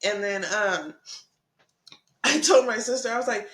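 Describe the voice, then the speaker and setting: A woman's voice: on the high side, normal speed. Laughing young woman in an echoey room. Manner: animated, laughing, swearing, acts out quotes. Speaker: podcast co-host. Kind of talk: casual storytelling chat.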